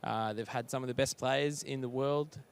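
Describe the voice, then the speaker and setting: A man's voice: mid-range voice, fairly even intonation, normal speed, gravelly, clear, resonant tone. A young man giving casual esports commentary, chatty and analytical with lots of fillers and teasing banter.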